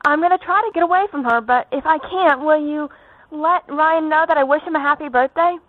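A woman's voice: high-pitched, a little fast. A woman leaving a frantic voicemail in an amateur audio play, half laughing as she pleads for help. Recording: dry tinny phone-like sound.

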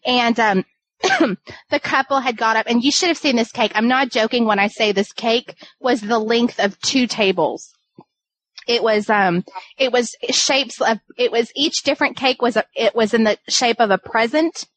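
A woman's voice: on the high side, moderate pace, fairly bright tone, poor audio. A woman, a wedding photographer, telling a story in casual podcast chat, rambling with many fillers and restarts.

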